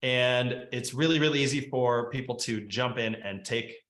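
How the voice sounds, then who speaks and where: A man teaching a webinar talk on real estate marketing, lively and conversational, acting out quick phone dialogues. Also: medium pitch. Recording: echoey room.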